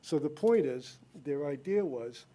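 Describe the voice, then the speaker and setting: A man with a slight lisp speaks at a town council podium in a soft, mellow tone. His delivery is earnest and explanatory, and he often restarts his phrases. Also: on the high side, lively intonation, a little slow. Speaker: resident giving public comment. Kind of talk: public comment at a town council meeting. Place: town council meeting room.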